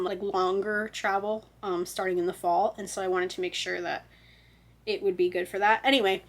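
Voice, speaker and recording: A woman's voice: medium pitch, a bit bright. A woman in her twenties rambling in a casual vlog chat, self-deprecating and talking with frequent "like" and "um" fillers. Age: 20s. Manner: self-deprecating, laughs at herself. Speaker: vlogger.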